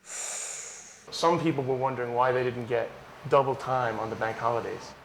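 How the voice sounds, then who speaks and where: A man's voice: medium pitch, steady tone, moderate pace, slight background noise, rough recording. A man chatting casually and candidly for a documentary, joking at times. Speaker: documentary participant. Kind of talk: casual chat.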